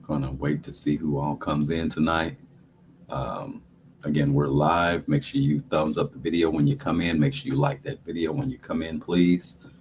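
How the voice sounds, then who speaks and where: A man hosting a casual livestream, greeting viewers by name in a relaxed, repetitive way, with a dry throat. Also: extremely low pitch, moderate pace, a little hiss or hum. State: dry throat, sucking a lozenge. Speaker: livestream host.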